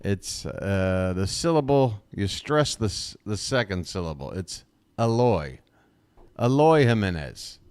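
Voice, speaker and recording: A man's voice: low voice, expressive, a little slow, hardly any pauses, clear, resonant tone, dry recording. A man calling a baseball game as a fan streamer, chatty and self-deprecating, talking straight to his chat on a close desk microphone. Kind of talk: live fan play-by-play commentary.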